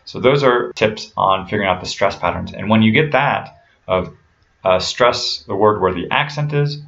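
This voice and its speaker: A man teaching pronunciation rules patiently and methodically, slowing down to model each word. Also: lowish voice, gravelly, a bit bright, lo-fi sound. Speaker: language teacher.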